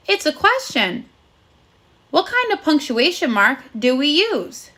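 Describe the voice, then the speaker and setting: Very animated, a woman teaches first-grade phonics in a video lesson, her voice pitched high and sounding bright and clear. She goes slowly and cheerfully, praising the children in a sing-song tone.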